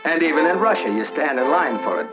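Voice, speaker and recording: A man's voice: on the high side, very animated, fast. A man narrating a 1940s wartime documentary as one of the flyers, in a wry, folksy, joking manner. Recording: dull 1940s film soundtrack with music.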